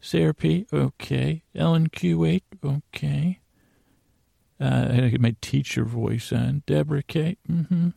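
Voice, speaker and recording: A man voicing a schoolteacher taking attendance, with brisk, clipped replies. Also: a little high, creaky, mellow, no room sound, clean studio sound, pitched above the performer's own voice, full character voice. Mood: chirpy.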